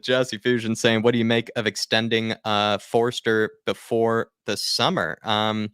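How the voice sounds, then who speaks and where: A man's voice: on the low side, flat delivery, measured pace, a bit bright, smooth, dry recording, clean studio sound. A man hosting a casual fan podcast, rambling with many fillers over a remote call. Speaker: podcast host.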